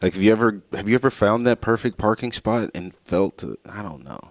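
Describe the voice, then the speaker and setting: An easygoing man co-hosting a morning talk show, talking in a very deep voice with loose, rambling sentences. He sounds close to the mic, dry and intimate. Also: animated, fairly quick, no room sound. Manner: easygoing, rambling, laughs often. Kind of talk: casual chat.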